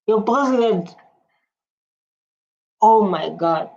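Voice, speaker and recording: A woman hosting a reaction video, talking in animated, repetitive casual commentary with a husky voice. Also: medium pitch, a little slow, pauses often, lo-fi sound. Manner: animated, repeats phrases, many fillers and restarts.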